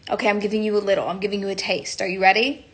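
A woman's voice: mid-range voice, little pitch movement, racing. A young woman chatting casually on a phone livestream, giggling, rambling and cutting herself off mid-sentence. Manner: giggly, rambling, self-interrupting.

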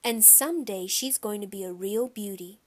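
A woman's voice: mid-range voice, normal speed, natural voice. A woman voicing a doting, flustered mother in a children's audiobook, fussing and a little breathless.

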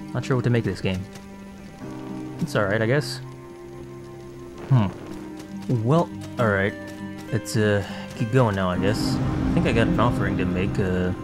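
A man playing a video game and talking to himself in a drowsy, muttering way, swearing now and then and admitting he is sleepy. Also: lowish voice. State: sleepy, yawning. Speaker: gaming channel host. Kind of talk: casual game commentary.

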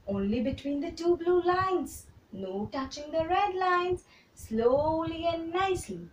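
A woman kindergarten teacher gives a handwriting lesson to small children, slowly repeating steps and praising them. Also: very high voice, very animated, far from the mic, slight background noise. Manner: slow, repetitive, encouraging drills for small children. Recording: roomy echo, voice a little off the mic.

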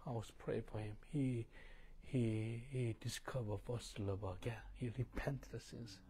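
A man preaching a sermon, questioning the congregation and moving between loud emphasis and hushed tones. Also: medium pitch, steady tone, unhurried, a little hiss or hum. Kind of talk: sermon with call-and-response.

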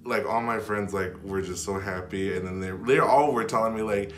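A man telling a personal story to camera in a rambling, casual way, full of "like" and restarts, sometimes dropping to a hush. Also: fairly low pitch, a little fast, slight background noise. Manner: drops to a hush when retelling whispered moments. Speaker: vlogger. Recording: echoey room with faint background music.

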